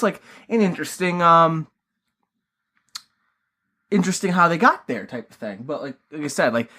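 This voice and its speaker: A man's voice: fairly high pitch, a bit bright. Rambling, casual podcast co-host man. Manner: rambling, heavy on fillers, casual swearing; mock voices when quoting characters. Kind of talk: casual film review chat.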